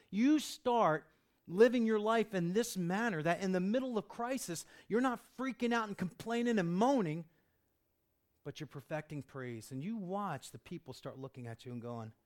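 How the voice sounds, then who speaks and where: A man preaching a sermon as pastor, emphatic and repetitive, swinging between loud passages and hushed ones, with casual slang asides. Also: high-pitched.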